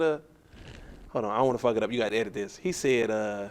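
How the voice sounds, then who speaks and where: A man, a comedian guest, telling profane, animated stories about comedy shows on a podcast. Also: fairly low pitch, fast, clean tone. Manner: profane, animated storytelling with acted quotes. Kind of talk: casual storytelling on a podcast.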